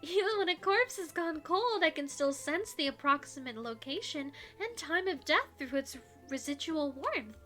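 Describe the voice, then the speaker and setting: A teasing vampire lady from a spooky dating-sim game, as a woman puts her on. The voice sits high, bright and cutting, and she draws her words out in a theatrical sing-song, relishing every chance to needle her friend. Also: expressive, moderate pace, few pauses, soft background music. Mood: playful.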